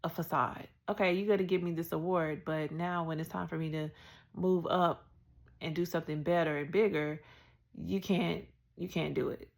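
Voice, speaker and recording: A woman with a low, gravelly voice tells her own story in an open, animated way. She slips into the people she quotes as she goes. It feels like relaxed personal storytelling. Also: moderate pace. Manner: candid, animated retelling with acted quotes. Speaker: podcast host.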